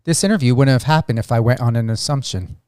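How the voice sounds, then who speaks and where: A man's voice: mid-range voice, quick pace, darkish tone, smooth, dry recording, clean studio sound. A man hosting a casual interview, asking easygoing questions, some read from a prepared list. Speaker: interview host.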